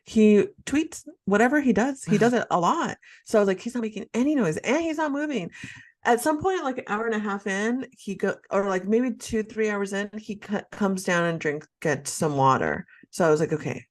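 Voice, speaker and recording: A woman podcast co-host telling a story in a dramatic, animated way during casual chat. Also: medium pitch, moderate pace, hardly any pauses.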